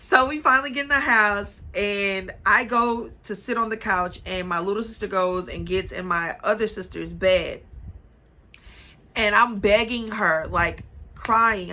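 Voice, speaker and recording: A young woman tells a story straight to the viewer in a sassy, animated way, often calling them baby and honey. Her voice is bright and a little gravelly. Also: mid-range voice, rough recording. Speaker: vlogger. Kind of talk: casual storytime.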